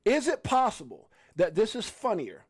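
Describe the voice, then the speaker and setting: A man from Brooklyn hosting a casual crypto livestream, excitable and full of fillers. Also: high voice, moderate pace, noisy background. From Brooklyn, New York. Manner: excitable, laughing, lots of fillers.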